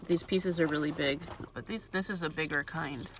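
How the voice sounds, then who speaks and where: Casual woman vlogger with a lowish voice, has a cold, chatty and rambling, recorded in a van with faint noise. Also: moderate pace. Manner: chatty, rambling with many ums and restarts. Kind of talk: casual cooking vlog. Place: inside a parked van.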